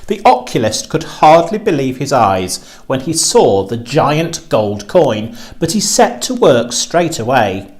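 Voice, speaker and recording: A man reading a children's storybook aloud, with a slow and expressive delivery. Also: mid-range voice.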